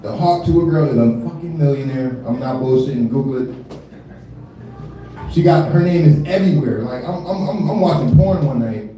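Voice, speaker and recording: Male comic in his thirties, mellow voice, cussing and laughing, echoey venue heard from far off. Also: medium pitch, moderate pace. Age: 30s. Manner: loose, profane, laughing, many filler tags. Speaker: stand-up comedian. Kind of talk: live stand-up set. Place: live comedy venue.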